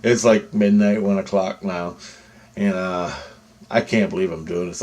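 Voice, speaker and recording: A man's voice: deep voice, steady tone, measured pace, darkish tone. A man vlogging a personal story to camera in a loose, rambling way, full of asides.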